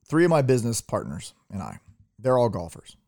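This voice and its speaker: A man's voice: mid-range voice, huge pitch swings, fairly quick, gravelly, a little mellow, dry recording, clean studio sound. A middle-aged man telling stories as co-host of a casual podcast chat, acting out the people he quotes. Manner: storytelling, acts out quoted voices.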